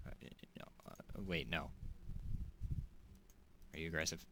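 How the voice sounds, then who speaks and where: A man giving excitable gameplay commentary, exclaiming and joking as he plays. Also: low-pitched, moderate pace, long pauses, a little hiss or hum. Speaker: gaming video creator.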